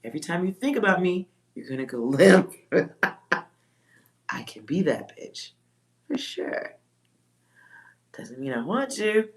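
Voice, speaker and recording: Low-voiced blunt woman. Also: big pitch swings, slow, pauses often. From Texas. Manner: blunt, profane, laughs often. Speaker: psychic reader on a livestream. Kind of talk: casual livestream chat.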